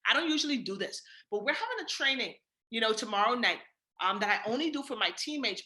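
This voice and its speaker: A woman from the Bahamas with a Bahamian accent, leading a sales training call in an energetic, casual coaching manner and acting out sales dialogue. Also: on the high side. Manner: casual slang, many fillers. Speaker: sales team leader and trainer.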